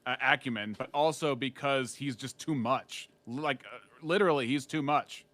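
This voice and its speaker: Man, bright voice, dry sound, teasing live-stream commentary. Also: mid-range voice, normal speed, no room sound. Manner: wry, teasing. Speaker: channel host.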